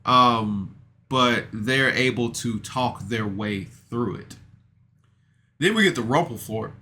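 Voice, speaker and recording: A man's voice: medium pitch, takes it slowly, sharp tone, a little hiss or hum. A man recapping a podcast episode in a casual, rambling way, self-deprecating and full of fillers and restarts. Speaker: podcast reviewer.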